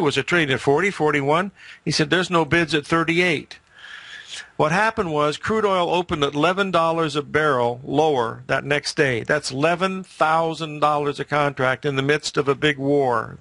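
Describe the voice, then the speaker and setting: A man's voice: a little high, normal speed, bright, forceful tone, dry recording. An older man hosting a market show, telling rambling, emphatic stories in casual commentary.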